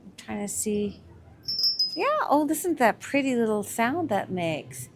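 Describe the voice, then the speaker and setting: A woman's voice: on the high side, sing-song, unhurried, background noise. A woman giving casual, enthusiastic commentary while shopping at a winter market and admiring the crafts. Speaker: vlog co-host shopping a market.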